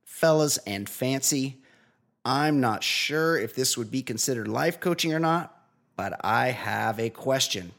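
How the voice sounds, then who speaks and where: A man's voice: medium pitch, expressive, measured pace, gravelly, fairly bright tone. A man hosting a casual podcast, joking and reading listener questions in a mock-formal announcer manner. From New Zealand. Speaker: podcast host.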